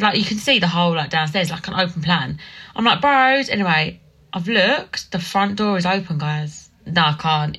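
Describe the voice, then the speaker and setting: Young female podcast host, Essex accent, slightly low and bright voice, casual gossipy storytelling. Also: rough recording. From Essex, England. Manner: chatty, dramatic storytelling with many fillers. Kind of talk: casual solo podcast chat.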